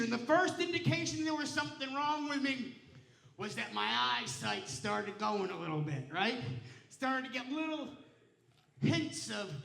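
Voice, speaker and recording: A man's voice: very high-pitched, vocal fry, sharp tone. A man doing a stand-up comedy set on a casino stage, telling stories in a brash, profane, punchy way. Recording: roomy casino showroom sound.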